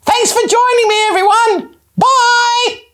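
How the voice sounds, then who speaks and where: A woman voicing a chirpy childlike puppet friend on a children's church show, squeaky and bouncy. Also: fairly even intonation, takes it slowly, a bit bright, full character voice. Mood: cheerful.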